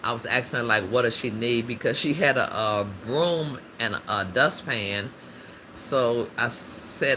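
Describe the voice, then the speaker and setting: A man's voice: mid-range voice, lively intonation, measured pace, pushed and bright. A man hosting a casual livestream, chatting freely and answering viewer comments aloud, laughing often. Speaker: livestream host. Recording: noisy background ambience.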